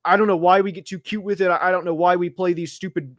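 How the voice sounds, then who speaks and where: A man with a somewhat high voice hosts a casual football talk stream. He rambles with fillers, restarts his sentences, and gets heated when a point frustrates him. The sound is close and dry, with no room around it. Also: brisk, no room sound. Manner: animated, gets worked up, filler-heavy. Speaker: host of a football preview show. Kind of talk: casual sports chat. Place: home studio, seated.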